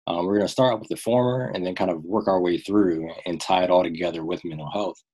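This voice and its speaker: Deep husky-voiced male host. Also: a little fast, rough recording. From Prince George's County, Maryland area. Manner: relaxed, with fillers, steers the topic. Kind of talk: podcast hosting.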